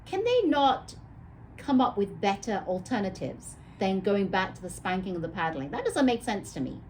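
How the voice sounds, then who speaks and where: Woman, chat show co-host, questioning and opinionated, mid pitch, faint noise behind. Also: big pitch swings, moderate pace, a little mellow, low-quality recording. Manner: questioning, opinionated, asks why. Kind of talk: casual chat.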